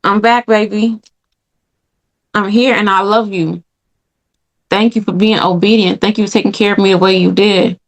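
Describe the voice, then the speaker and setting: Gravelly-voiced woman sharing faith testimony. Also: medium pitch, steady tone, moderate pace, pauses often. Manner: earnest, faith-filled, repeats phrases for emphasis. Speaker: podcast host. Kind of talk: personal testimony podcast.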